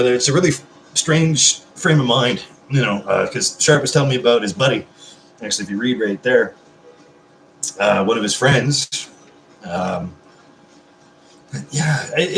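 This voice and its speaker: A man in his thirties hosting a casual livestream, chatting warmly with viewers and swearing freely. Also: mid-range voice, reverberant, a little hiss or hum. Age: 30s. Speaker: livestream host.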